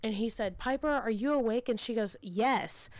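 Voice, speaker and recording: A woman's voice: fairly high pitch, normal speed, noisy background. A woman in her thirties co-hosting a podcast, telling a story and acting out the lines she quotes. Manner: animated, acts out quotes. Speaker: podcast co-host, mother. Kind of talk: casual storytelling chat.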